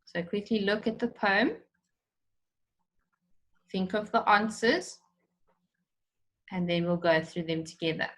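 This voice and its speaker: Slow, patient woman teaching a lesson. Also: medium pitch, a bit bright. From South Africa. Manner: patient, explains step by step, repeats questions. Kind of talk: recorded online lesson for children.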